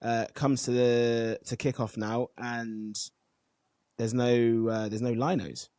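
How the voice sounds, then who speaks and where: A man's voice: medium pitch, level tone, slow, mellow, no room sound, studio quality. A man co-hosting a football podcast, telling a story in a laid-back, sweary way. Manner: laid-back, sweary, with short backchannel replies. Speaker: podcast co-host. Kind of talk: casual storytelling chat.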